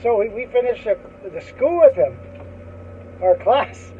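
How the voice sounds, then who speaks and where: A man's voice: very high-pitched, big pitch swings, unhurried. A man with a Canadian accent telling a rambling school anecdote, chuckling often and ending his lines with "eh". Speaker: storyteller. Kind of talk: casual anecdote. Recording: tinny phone-like line with faint noise.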